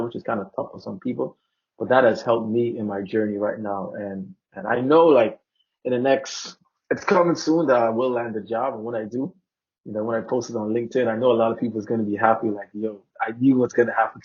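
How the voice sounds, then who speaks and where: A young man from the Turks and Caicos Islands, a guest in a casual interview, telling stories in an animated way and acting out the voices he quotes. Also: medium pitch, breathy edge, dull audio. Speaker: guest, cloud engineer and athlete.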